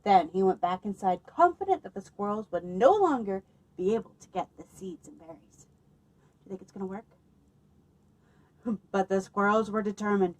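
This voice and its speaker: A woman librarian reading a picture book aloud at children's story time, expressive and lively, pausing to ask her listeners questions. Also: mid-range voice, low-quality recording.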